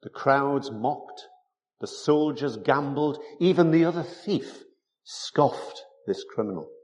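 A man's voice: mid-range voice, animated, takes it slowly, darkish tone. A man preaching a sermon, emphatic and full of rhetorical tag questions.

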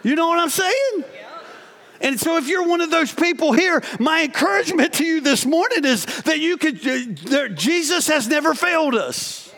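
High-voiced pastor preaching in a reverberant church. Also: male voice, moderate pace, some chatter behind. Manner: lively, conversational storytelling with asides to the congregation. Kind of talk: sermon. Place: church sanctuary. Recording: long hall reverb from a church sanctuary.

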